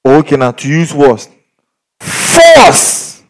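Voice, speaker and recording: Male preacher, storytelling sermon, swooping lively delivery, mid-pitched. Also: normal speed. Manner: animated storytelling, acts out quoted people.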